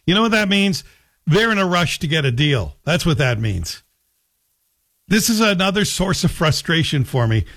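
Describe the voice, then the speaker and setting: Man, radio talk host, slightly high voice, wry and sardonic delivery. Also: sing-song, moderate pace, creaky, fairly bright tone. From Scotland. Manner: sardonic, joking, slips into a Scottish voice for anecdotes. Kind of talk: opinionated radio monologue.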